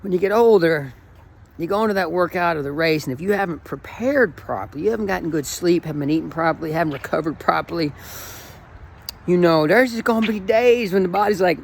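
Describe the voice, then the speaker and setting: A man's voice: high-pitched, brisk, vocal fry, a little hiss or hum. A man in his forties, a running coach, talking in an enthusiastic, emotional and rambling way in a casual motivational vlog. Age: 40s.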